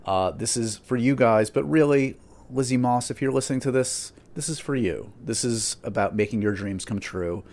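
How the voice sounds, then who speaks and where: A man hosting his podcast in casual chat, animated and self-deprecating with quick asides. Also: medium pitch. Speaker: podcast host.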